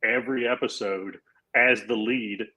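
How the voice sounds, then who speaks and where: Husky-voiced man telling a rambling story. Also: mid-range voice, steady tone, a little slow, pushed and bright, rough recording. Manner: rambling storyteller with many fillers. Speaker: podcast guest. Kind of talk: casual chat.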